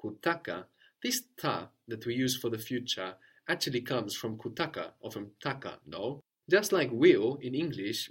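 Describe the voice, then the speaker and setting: A man's voice: fairly low pitch, breathy edge. A man teaching a language lesson, patiently prompting his student and repeating her answers.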